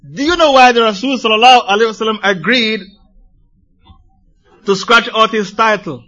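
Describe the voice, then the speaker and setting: A man preaching a sermon to a congregation in an animated way, firing rhetorical questions at his listeners. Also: sits high, moderate pace, dull audio, faint music behind.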